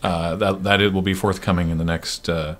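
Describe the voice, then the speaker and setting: A man's voice: deep voice, little pitch movement, fairly quick, a bit bright. A man hosting a stream aftershow, chatting casually and rambling with plenty of fillers. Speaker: stream host. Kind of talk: casual chat.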